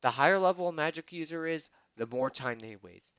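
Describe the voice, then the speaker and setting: A fairly high-voiced man rants into a close mic, exasperated and swearing without pause. His delivery lurches between shouted outbursts and low grumbling. The recording is dry and slightly dull, like a lo-fi home podcast setup. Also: animated, clean tone, dry recording. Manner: exasperated, swears constantly, swings from loud outbursts to muttering. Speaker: podcast host. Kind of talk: profane comedic rant.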